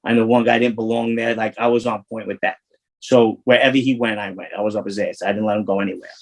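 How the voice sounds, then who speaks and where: A man's voice: fairly low pitch, fairly even intonation, fast talker, rough recording. A man, an interview guest telling rambling, profane street stories full of restarts. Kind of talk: casual storytelling.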